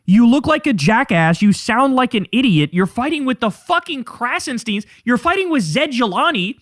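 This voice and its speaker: A man's voice: very high-pitched, big pitch swings, normal speed, fairly bright tone, dry recording, studio quality, voice pushed up, heavily acted. A man voicing a sneering, profane insider. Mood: scornful. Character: contemptuous male government insider scolding.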